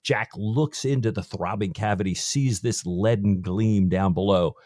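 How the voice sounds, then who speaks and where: A man's voice: lowish voice, a little mellow, dry recording, clean studio sound. A man co-hosting a podcast, chatting casually about a novel and retelling scenes in an easy, agreeable way. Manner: chatty, quick to laugh and agree. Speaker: podcast co-host. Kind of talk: casual book discussion.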